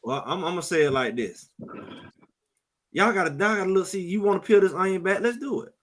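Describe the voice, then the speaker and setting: A man hosting a casual sports talk show, animated and stammering over repeated words as he acts out little scenes. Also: high voice, fairly quick, rough recording. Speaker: show host.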